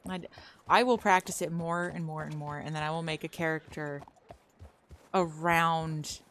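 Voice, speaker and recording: Talking loosely with her viewers, this young streamer rambles, interrupts herself and drops sentences halfway only to begin again. She has a low-pitched, fairly bright voice with a steady tone at normal speed, and there's a little hiss or hum on the recording.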